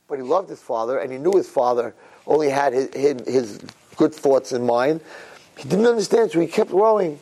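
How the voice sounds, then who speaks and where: A man giving an inspirational religious talk on a recorded message. He tells a parable with lively swings between hushed and excited delivery. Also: normal speed. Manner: animated storyteller, swings between low and excited. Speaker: Jewish religious speaker. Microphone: recorded tape message.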